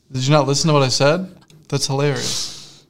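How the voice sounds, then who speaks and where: A man's voice: medium pitch, fairly even intonation, moderate pace, gravelly, slight background noise. A young man co-hosting a casual comedy chat, giggly and rambling, often trailing off into mumbles. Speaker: podcast co-host.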